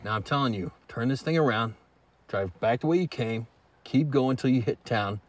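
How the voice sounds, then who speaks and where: An actor as a surly rural gatekeeper, curt, threatening, sarcastic. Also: male voice, mid-range voice, moderate pace, close to an everyday voice. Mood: menacing. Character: hostile rural man warning strangers off.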